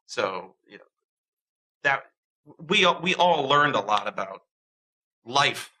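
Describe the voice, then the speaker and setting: A man telling a story in a casual, animated way, acting out the voices of people he quotes and often restarting his sentences. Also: mid-range voice, slow pace, rough recording. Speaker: interviewee.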